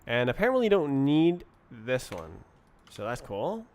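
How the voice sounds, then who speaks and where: Slow, muttering man thinking aloud. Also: medium pitch, very animated, a little mellow. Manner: mutters to himself, playful nonsense words. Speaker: streamer coding live. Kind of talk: thinking aloud while programming.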